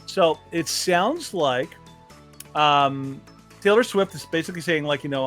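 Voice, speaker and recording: Guy co-hosting a podcast, kinda high voice, rambly with tons of "like, you know". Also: measured pace, fairly bright tone, soft background music. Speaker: podcast co-host. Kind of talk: casual chat.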